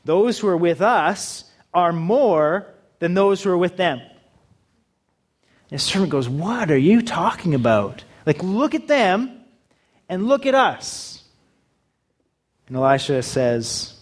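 A man preaching a sermon in a humorous, conversational way, acting out little dialogues with the audience. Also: fairly high pitch. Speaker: pastor.

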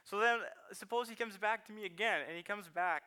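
Male pastor in his thirties, casual sermon delivery, laughs often, voice slightly high and forceful. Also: fairly quick, few pauses, smooth. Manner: chatty, self-deprecating, laughs often, repeats words.

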